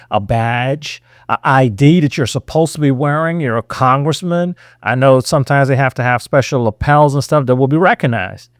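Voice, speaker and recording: A man's voice: mid-range voice, no echo, studio quality. A man giving sarcastic reaction commentary, lecturing his viewers and acting out quotes.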